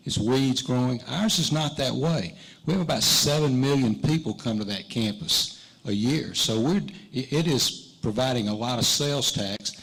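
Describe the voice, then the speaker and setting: A man's voice: mid-range voice, moderate pace, creaky, fairly bright tone, slightly rough, low-quality recording. A man, a sitting mayor answering confidently and rebutting his opponent at a candidate forum. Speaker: mayor running for reelection.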